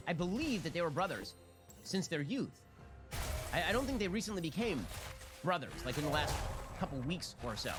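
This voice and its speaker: A man hosting a political commentary show, sarcastic and mocking in his rapid-fire delivery. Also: fairly high pitch.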